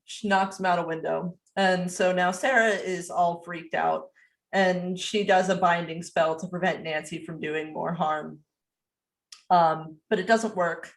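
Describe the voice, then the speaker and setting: A woman in casual podcast chat, speaking slowly in a somewhat low voice. She recaps the story hesitantly, with fillers. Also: steady tone. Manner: unhurried, hesitant, with fillers and little laughs. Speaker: podcast co-host.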